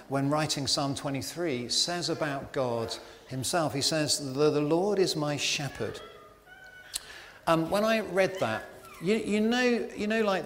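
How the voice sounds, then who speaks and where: A man's voice: medium pitch, a bit bright, slight background noise. A man giving a chatty, self-deprecating sermon in a church, full of fillers and asides. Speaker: preacher. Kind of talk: conversational sermon. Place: church hall. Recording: reverberant hall with faint ambience.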